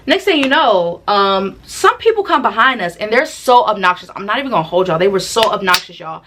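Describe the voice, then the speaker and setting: A woman telling a personal story to the camera in a casual, slangy, animated way, acting out what people said. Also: mid-range voice, a little fast, gravelly. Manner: animated, slangy, acts out quotes. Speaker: storytime vlogger.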